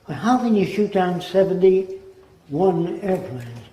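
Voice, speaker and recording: A man's voice: high voice, lively intonation, slow pace, warm tone. An American man in his nineties giving a conversational public lecture, now and then mimicking accents. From United States. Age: 90s. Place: lecture hall. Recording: roomy hall echo.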